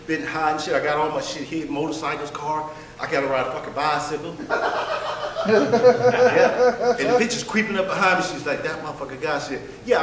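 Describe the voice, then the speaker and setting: A man's voice: high voice, a little hiss or hum. A man performing a profane stand-up set in a comedy workshop, with brash, blunt storytelling. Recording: echoey room, distant mic.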